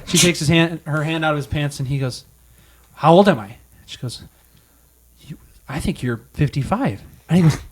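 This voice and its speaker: Animated man telling a long joke. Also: on the high side, moderate pace, long pauses, a little hiss or hum. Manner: animated storyteller acting out characters. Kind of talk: casual chat, telling a dirty joke.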